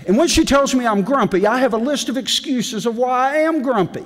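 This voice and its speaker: A middle-aged man preaching a devotion in a folksy storytelling manner, swinging between loud and hushed delivery. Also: sits high, expressive, moderate pace, hardly any pauses. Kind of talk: sermon. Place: large legislative chamber. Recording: long reverb in a big hall.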